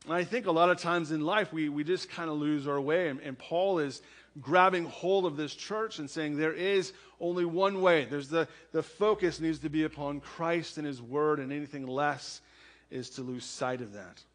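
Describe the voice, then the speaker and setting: A man's voice: a little high, moderate pace. A man preaching as a church pastor, talking the listeners through a scripture passage in a conversational way and often asking "right?". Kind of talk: sermon with scripture reading and prayer.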